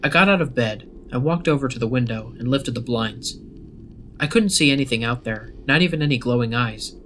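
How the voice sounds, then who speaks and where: A man's voice: medium pitch, slight background noise. Man narrating a horror story. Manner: steady, measured first-person telling. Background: faint background music.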